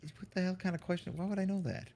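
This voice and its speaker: A man's voice: sits high, steady tone, fast, vocal fry, a little mellow. A young man gaming with friends over voice chat, joking sarcastically and laughing often.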